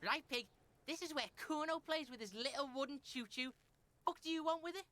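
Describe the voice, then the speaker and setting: A woman's voice: sits high, brisk, a bit bright, no echo, voice pushed up. A woman voicing a crude, swaggering young boy who taunts and talks about himself in the third person. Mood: taunting.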